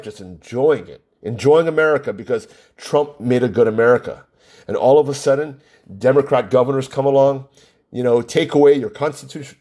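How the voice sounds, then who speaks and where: Speaking to camera in Hawaii, a commentator with a mellow, medium-pitched voice gets worked up in a casual political monologue, repeating words for emphasis and throwing out one rhetorical question after another.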